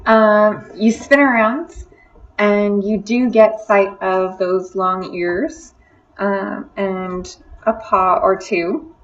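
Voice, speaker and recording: A woman's voice: medium pitch, steady tone, drawn-out words, far from the mic, faint music behind. Hesitant woman running a tabletop game. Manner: hesitant, many ums. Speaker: dungeon master. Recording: dull lo-fi audio.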